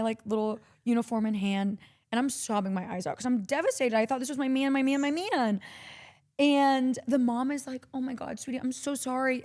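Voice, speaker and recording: A young woman from Texas telling a long story in casual chat, acting out every quote and swearing freely. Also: on the high side. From Corpus Christi, Texas. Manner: animated, acts out quotes, swears a lot.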